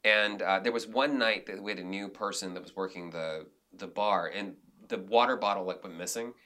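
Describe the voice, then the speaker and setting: Man, bright voice, lowish pitch, animated interview storyteller, restarts sentences. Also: moderate pace. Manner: animated, acts out quotes, frequent restarts. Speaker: director and actor guest.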